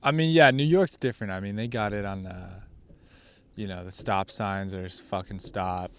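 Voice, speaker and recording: A man's voice: fairly low pitch, fairly even intonation, moderate pace, clean tone. A man hosting a podcast in casual chat, thoughtful and a bit self-doubting with a wry edge. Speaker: podcast host.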